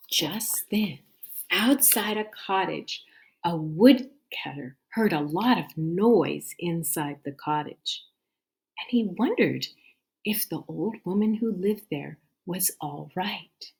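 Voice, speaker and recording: A woman reading a children's story aloud, stopping to ask the listening children questions and often dropping to a hush. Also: fairly low pitch, expressive, takes it slowly, gravelly.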